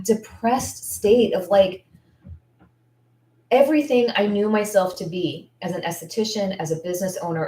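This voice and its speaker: A woman in her thirties speaks as a business coach in a low-pitched voice, rambling and thinking out loud with plenty of fillers. She sounds candid and heartfelt. The recording is roomy and echoey, with the mic set some distance away. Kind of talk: casual Q&A talk.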